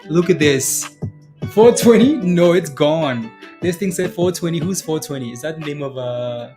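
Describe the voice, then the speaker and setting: A man with a slightly higher-than-usual voice hosts a day-trading livestream in a loose, casual way. He gets excited easily and repeats prices over and over to his viewers. Faint guitar music plays behind him. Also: moderate pace.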